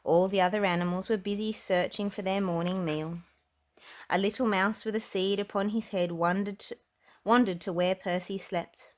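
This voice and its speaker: A woman narrating a children's storybook aloud in an expressive, unhurried way. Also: mid-range voice. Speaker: storybook reader.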